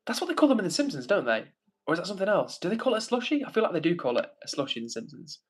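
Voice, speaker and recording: This young streamer's high-pitched, sing-song voice comes out rapid-fire as he reads viewers' comments aloud. His replies wander chattily, with lots of fillers, in a relaxed live chat.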